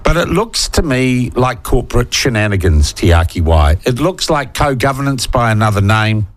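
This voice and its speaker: A middle-aged man with a New Zealand accent hosting a talkback radio show, ranting with forceful indignation. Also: medium pitch, big pitch swings, normal speed. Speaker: talk radio host. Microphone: studio microphone.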